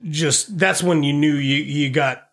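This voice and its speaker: Unhurried and on the high side, this man's voice keeps fairly even intonation with a slightly bright edge. As a podcast co-host who calls himself a dad, he swears, laughs often, and meanders through a film's plot in a casual review.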